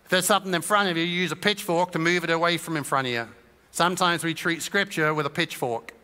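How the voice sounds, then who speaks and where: Bright-voiced pastor in a reverberant church. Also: male voice, fairly high pitch, quick pace, smooth. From England. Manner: conversational and humorous, acting out little voices of listeners. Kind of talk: sermon. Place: church auditorium.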